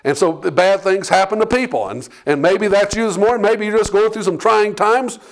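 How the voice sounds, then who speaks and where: A male pastor with a notably high voice delivers a sermon in a plain, conversational way. He leans on "okay?" and "Amen?" to keep the congregation with him. His delivery climbs in pitch and force as he urges them on. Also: brisk.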